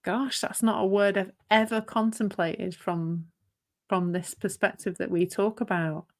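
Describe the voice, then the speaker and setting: A woman's voice: mid-range voice, fairly even intonation, measured pace. A woman co-hosting a podcast, musing aloud in a thoughtful, rambling way and laughing easily. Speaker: podcast co-host. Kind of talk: casual reflective conversation.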